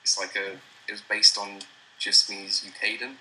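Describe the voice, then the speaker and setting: A young British man with a low, level voice and a bright, forceful edge to his tone. He talks as a relaxed, self-deprecating guest over a voice call. A faint hiss sits behind him. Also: measured pace, low-quality recording. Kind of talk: casual interview chat. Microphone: computer mic over a voice call.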